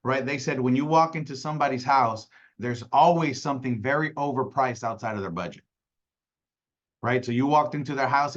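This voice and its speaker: A man's voice: medium pitch, fairly bright tone, dull audio. A man leading a casual sales training call, talking conversationally and acting out clients, with many "right?" tags.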